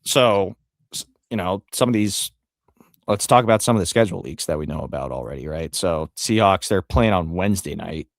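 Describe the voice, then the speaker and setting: A man's voice: low-pitched, animated, brisk, gravelly, dry recording, studio quality. A man co-hosting a sports podcast, rambling casually with frequent fillers and the odd curse. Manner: rambling, profane, trails off with fillers. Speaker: podcast co-host.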